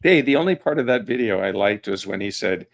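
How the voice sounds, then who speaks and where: A man's voice: fairly low pitch, animated, brisk, gravelly. A man as a guest in casual chat, hesitant and searching for words.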